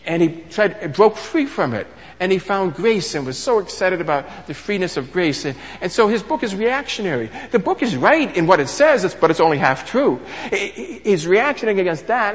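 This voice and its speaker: A man's voice: high-pitched, long reverb tail. A man preaching a sermon in a conversational teaching style, asking rhetorical questions and restarting phrases.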